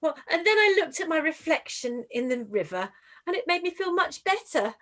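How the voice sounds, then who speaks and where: A woman's voice: very high voice, sing-song, moderate pace, fairly bright tone, heavily acted. A woman playing a self-pitying Cinderella in an amateur pantomime, whining and sighing melodramatically. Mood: pouty.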